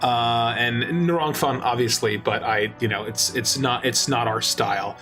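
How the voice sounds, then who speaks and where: A man's voice: medium pitch, moderate pace, sharp tone, soft background music. A man talking on a casual talk show, explaining game-master advice with emphasis.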